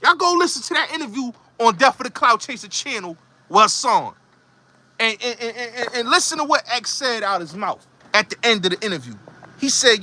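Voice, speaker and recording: High-voiced ranting New York man. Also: expressive, normal speed, pushed and bright. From the Bronx, New York. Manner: emphatic, repetitive, accusatory ranting. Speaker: host. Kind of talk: heated commentary monologue.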